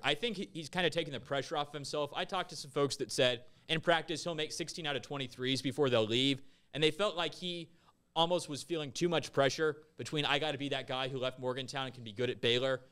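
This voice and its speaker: A man's voice: fairly high pitch, a little fast, a bit bright, clean tone. A man working as a basketball analyst, talking through a team's season in casual podcast chat with joking asides.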